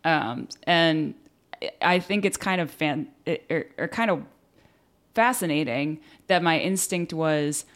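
A woman in casual conversation, telling a childhood story with lively acted-out quotes and casual swearing. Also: low voice, slow.

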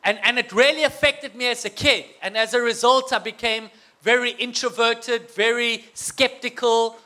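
High, bright South African man. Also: fairly even intonation, normal speed. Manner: playful, gets the crowd to call back. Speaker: guest speaker. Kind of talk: humorous personal testimony to an audience.

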